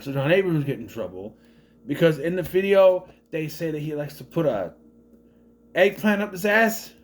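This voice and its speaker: A man from southern Minnesota giving a casual, rambling movie review with joking asides. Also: a little high.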